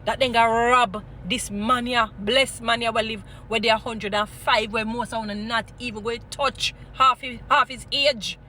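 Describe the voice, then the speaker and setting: A Jamaican woman holds forth like a street preacher, her bright, forceful voice swinging between scolding and Bible storytelling in a mix of patois and English. Faint traffic hums outdoors behind her. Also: a little high, fairly even intonation, moderate pace, few pauses. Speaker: vlogger. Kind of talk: impassioned commentary with Bible stories.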